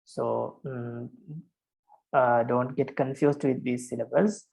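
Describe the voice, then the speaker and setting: A man's voice: mid-range voice, flat delivery, slow pace, gravelly, darkish tone, low-quality recording. A man, a Buddhist monk, teaching a lecture on verse meter, patiently repeating each point with frequent hesitations.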